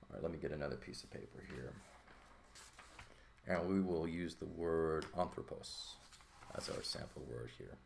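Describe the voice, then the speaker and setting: A man's voice: a bass voice, normal speed, vocal fry, long pauses, slight background noise. A man teaching a recorded lesson in a casual, thinking-aloud way, often checking in with "okay?" and "right?". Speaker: Greek teacher. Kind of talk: informal recorded lesson, writing on paper.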